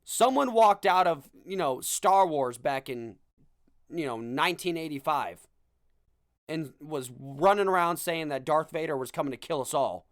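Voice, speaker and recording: In this comedic monologue, a young man hosting a podcast rants sarcastically and pokes fun at himself. His slightly high voice is expressive and unhurried, captured on a dry, studio-quality recording.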